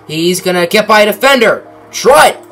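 Young man, gaming commentator, high-pitched, bright voice, play-by-play sportscaster style, dry asides, faint music behind. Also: animated, moderate pace.

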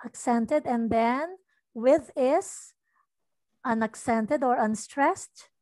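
High-voiced woman teaching slowly. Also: darkish tone, no room sound. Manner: patient, repeats lines slowly to model stress. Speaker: English teacher. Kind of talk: online tutoring lesson.

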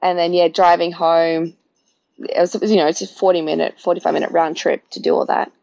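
A woman's voice: fairly low pitch, level tone, a little fast, vocal fry, darkish tone, no echo, dull audio. A woman, a podcast guest chatting through her birth story and acting out her own past words. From Australia.

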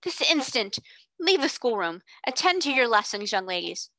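A woman voicing a stern, furious schoolmistress in a storybook reading, with shrill, indignant demands. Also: expressive, brisk, sharp tone, no echo.

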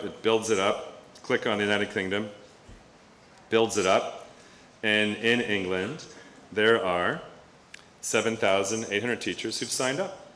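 Man speaking to teachers in an echoey room. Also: on the low side. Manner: animated storytelling, asks the audience questions. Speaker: education speaker. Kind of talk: presentation to teachers. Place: meeting room or hall with an audience. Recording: echoey room, distant mic, faint ambience.

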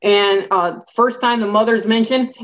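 A woman giving a conversational Bible lecture, telling the story in a lively way with casual asides. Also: mid-range voice, measured pace. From American Midwest.

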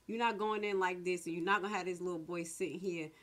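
A woman hosting her own commentary vlog, talking loudly and bluntly with casual slang and strong emphasis. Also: lowish voice, fairly even intonation, quick pace. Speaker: commentary vlogger.

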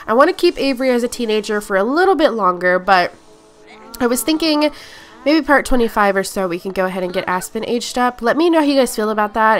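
Young woman gamer, kinda stuffy nose, chatty lets play talk, slightly high voice. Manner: chatty, talks to her game characters. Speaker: gaming YouTuber. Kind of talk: casual Let's Play commentary.

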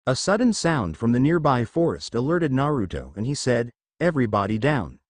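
A man's voice: medium pitch, sing-song, normal speed, dry recording. A man narrating a fan-fiction story aloud, reading every note literally.

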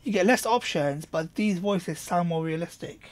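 A man reviewing software in a casual, off-the-cuff demo, thinking aloud with quick asides. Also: sits high. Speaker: product reviewer.

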